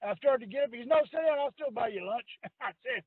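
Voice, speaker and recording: An older man spins salty stories in a strikingly high voice. He talks rough and laughs a lot. The sound is thin and tinny, like a phone call, with no room around it. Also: quick pace, no room sound. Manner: rough, salty storyteller, quoting others, laughing often. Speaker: guest, retired wrestler. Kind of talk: storytelling on a call-in radio podcast. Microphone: phone line. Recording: tinny phone line, dry.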